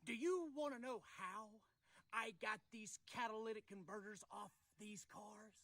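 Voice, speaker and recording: A man's voice: high voice, moderate pace, sharp tone, dry recording. A man playing a taunting, boastful redneck crook in a comedy sketch. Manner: taunting, drawling, mocking. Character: hillbilly Joker, boastful petty thief.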